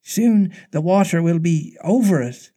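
A man's voice: high-pitched, unhurried, warm tone, voice pushed up. A man reading aloud, voicing a brave young boy who is wounded and growing faint. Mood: weary.

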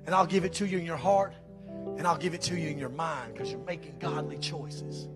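A man's voice: on the high side, steady tone, brisk, music in the background. A man preaching a sermon to his church, reading scripture with emphatic praise.

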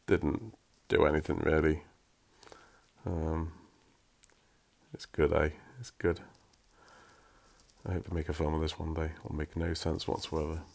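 A man's voice: extremely low pitch, flat delivery, unhurried, gravelly, long pauses. A man reading a story aloud, breaking off for wry, self-mocking asides.

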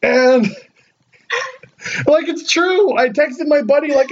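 A young man from Southern California telling a story in casual chat, animated, laughing often and saying "like" a lot. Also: very high voice, takes it slowly, lo-fi sound.

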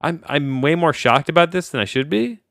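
A young adult man reviewing a film in casual chat, rambling, often cutting himself off and getting excited. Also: fairly high pitch, fairly quick, gravelly, no echo, studio quality. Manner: rambling, self-interrupting, easily excited. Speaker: podcast movie reviewer.

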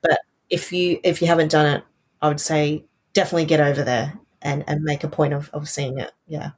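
A woman's voice: low-pitched, little pitch movement, brisk, darkish tone, husky. A woman co-hosting a casual podcast, talking about her trips with audible, smiling enthusiasm. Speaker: podcast co-host. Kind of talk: casual chat.

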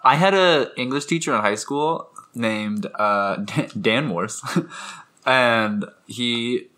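A man's voice: mid-range voice, slow, pushed and bright. A man co-hosting a comedy podcast from a couch at home, rambling casually and often breaking into laughter. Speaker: podcast co-host. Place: living-room couch at home.

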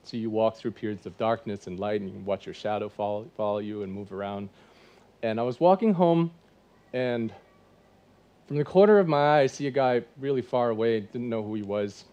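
This is a pastor in his 40s preaching in church, keeping things conversational and packed with rhetorical questions. He speaks briskly in a warm voice on the low side, and the recording sounds muffled.

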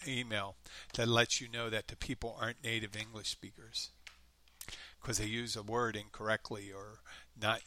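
A man's voice: on the low side, sharp tone. A man with a Philadelphia accent hosting his own podcast, chatting in a rambling, self-deprecating way. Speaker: podcast host. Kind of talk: casual solo podcast chat.

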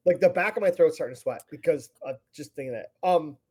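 Wry man with a mellow, higher voice. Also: fast, breathy edge. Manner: wry, profane banter. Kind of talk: casual chat.

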